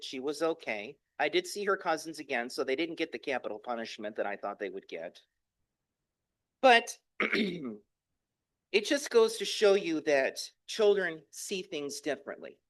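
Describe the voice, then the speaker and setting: Man, speech-club storyteller, bright-ish pitch, very expressive. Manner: animated, dramatic delivery with voiced quotes. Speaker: club speaker telling a personal story.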